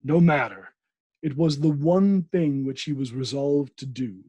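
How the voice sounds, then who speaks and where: Male podcast host reading a classic novel aloud, husky, dark voice, dry sound, trips over names and corrects himself. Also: mid-range voice, unhurried, no room sound.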